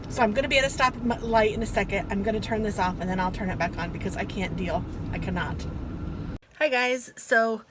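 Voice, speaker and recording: A woman's voice: mid-range voice, normal speed. Chatty flustered woman vlogging in a car. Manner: chatty, flustered, self-deprecating. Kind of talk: casual driving vlog. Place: inside a car while driving. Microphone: phone on a gooseneck holder. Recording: car noise behind her.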